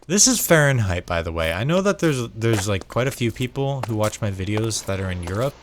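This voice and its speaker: A sleep-deprived American man, a gaming vlogger, rambles casually to viewers as he plays, repeating words and drifting into asides. His voice is lowish, very animated and brisk, with slight background noise.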